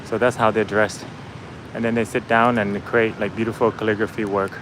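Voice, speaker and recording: A man's voice: fairly low pitch, level tone, brisk, background noise. Chatty man on a city street. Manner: chatty, laughs easily, talks to viewers. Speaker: vlogger. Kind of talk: casual walking vlog. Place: outdoors on a busy city street.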